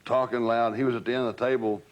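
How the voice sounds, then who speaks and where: An older man, recounting old stories in an interview, animated and acting out what people said. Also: mid-range voice, very fast, muffled recording. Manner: animated storyteller who acts out quotes. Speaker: interviewee, former entourage member. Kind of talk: storytelling reminiscence.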